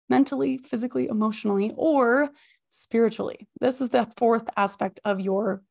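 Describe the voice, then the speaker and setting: A woman hosting a healthy-habits podcast, giving expressive, high-energy motivational advice with emphatic repetition. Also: gravelly. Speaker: podcast host and habits coach. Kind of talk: motivational self-help talk.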